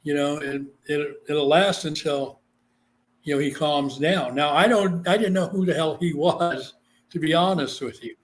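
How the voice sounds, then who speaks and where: This fairly high-pitched man takes his time as he recounts a story during a relaxed interview. He's a psychic medium from Guam, lively in manner, and he performs each quoted voice.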